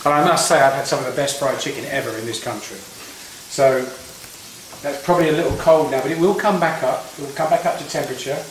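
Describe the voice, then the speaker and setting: A brisk, mid-pitched English man makes a chatty home cook, rambling and restarting often through a casual cooking demonstration. His roomy, echoey kitchen has slight background noise and frying sizzle, with the mic set a bit distant.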